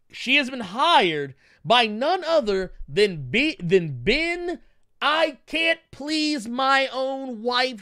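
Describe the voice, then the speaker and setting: A man co-hosting a podcast, riffing in profane, animated casual commentary. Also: very high voice, no room sound, clean studio sound. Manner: animated, swearing, laughing, mocking voices. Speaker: podcast co-host.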